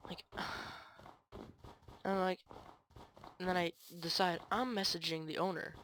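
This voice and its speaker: A woman with a fairly low voice talks over gameplay in casual commentary. She rambles and sounds aggrieved, and her talk is full of fillers and restarts. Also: fairly even intonation, a little slow, pauses often, fairly bright tone, slight background noise. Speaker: gaming channel creator.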